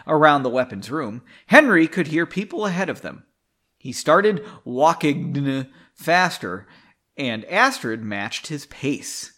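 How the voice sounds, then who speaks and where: Man reading his own story, casual, cussing, self-deprecating; lively, slightly high voice. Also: slow pace. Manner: profane, self-mocking asides; stumbles and rereads lines. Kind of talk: casual read-aloud with commentary.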